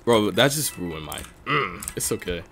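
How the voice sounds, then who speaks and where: A young man around eighteen talks through a live game stream in a fairly low voice. His pitch leaps around wildly, dropping into mutters and then bursting out loud. Soft music plays faintly underneath. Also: a little slow. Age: young adult, about 18. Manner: excitable, swings from low mumbling to loud outbursts.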